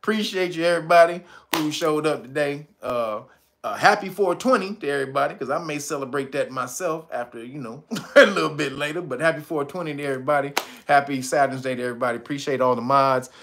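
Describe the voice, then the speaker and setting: A man's voice: on the high side, fast talker, fairly bright tone. A man hosting a livestream, talking tough and blunt with profanity, breaking into laughs. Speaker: livestream host. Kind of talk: livestream pitch and commentary.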